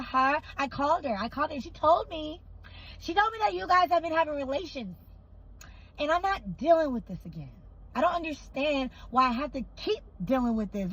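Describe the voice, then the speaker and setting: A woman telling a personal story in a casual storytime, emphatic and animated, repeating phrases for effect. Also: sits high, low-quality recording.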